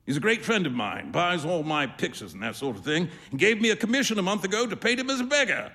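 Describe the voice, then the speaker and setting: A man's voice: sits high, big pitch swings, fast, pushed and bright, full character voice. A man doing a laughing, teasing painter. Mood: amused. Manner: hearty, laughing, mock-French asides. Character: jovial, teasing male painter, young adult.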